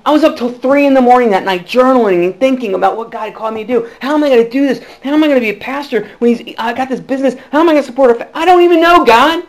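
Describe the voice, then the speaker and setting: A male pastor preaching a sermon, telling his own calling story with lively swings between hushed and loud delivery and frequent restarts. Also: extremely high pitch, very fast, few pauses. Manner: frequent restarts and repeated words. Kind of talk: sermon with personal testimony.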